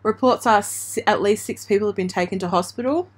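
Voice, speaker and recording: A woman from Australia hosting a true crime channel, giving halting, emotional live commentary on breaking news while trying not to cry. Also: mid-range voice, slightly rough. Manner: halting, emotional, hesitant with restarts. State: near tears.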